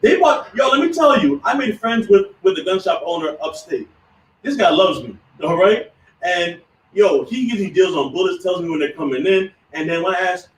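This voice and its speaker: A man co-hosting a talk show, telling an animated story with loud asides. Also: high voice, a little fast, distant mic, slight background noise. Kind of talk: heated casual chat. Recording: echoey room, off mic.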